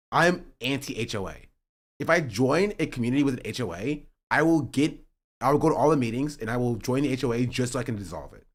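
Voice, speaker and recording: A young man streaming live, chatting casually and joking sarcastically, and he sometimes rises into an animated rant. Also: medium pitch, a little fast. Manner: joking and sarcastic, reading chat aloud; rising to animated ranting. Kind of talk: casual livestream chat.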